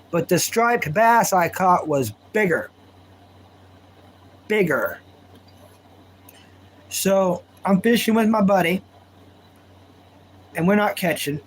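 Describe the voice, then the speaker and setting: A man with a fairly high voice hosts a relaxed live stream from home. He rambles in a folksy way, answering viewer comments and spinning stories. A faint hum sits underneath. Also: poor audio. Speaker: livestream host. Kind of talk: casual live-stream chat and storytelling.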